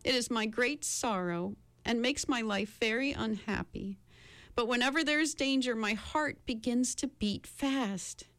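A woman's voice: fairly low pitch, sing-song, moderate pace, fairly bright tone. A woman reading a storybook, voicing a big cowardly male lion who talks plaintively about his fears. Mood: sorrowful.

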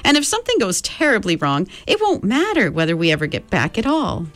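A woman's voice: medium pitch, huge pitch swings, fairly quick, dry recording. A woman voicing a cheerful, motherly old female being from the stars who reassures children. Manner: bright, coaxing, reassuring.

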